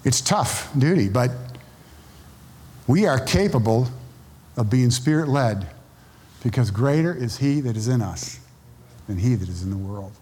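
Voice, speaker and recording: A man's voice: medium pitch, lively intonation, unhurried, pauses often, a little mellow, breathy edge, long reverb tail. A male pastor preaching a sermon, telling stories and acting out the voices of people he quotes. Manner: storytelling, acts out quoted voices.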